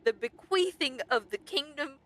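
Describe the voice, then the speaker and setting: A woman doing a gruff castle guard. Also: high voice, lively intonation, moderate pace, a bit bright, voice pushed up. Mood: flustered. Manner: blunt, dismissive, stumbling. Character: gruff male castle guard, rude then flustered.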